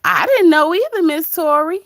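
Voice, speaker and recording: A woman with a high, bright voice runs a casual gossip live stream, reading viewer comments aloud. She laughs often and talks in a loose, style. The sound is close and dry, with no room around her. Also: lively intonation, normal speed, no room sound. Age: adult with grown kids. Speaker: livestream commentary host.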